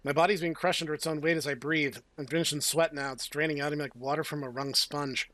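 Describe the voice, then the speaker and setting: A man's voice: on the high side, fairly even intonation, fast, a bit bright, dry recording. A man hosting a let's play, reading game text aloud with playful, jokey asides. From United States. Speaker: host.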